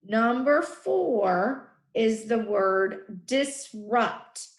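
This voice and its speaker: A woman teacher walks children through spelling, sounding out each letter and syllable with very slow, deliberate care. Her voice sits a little high, and it echoes in the room. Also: expressive.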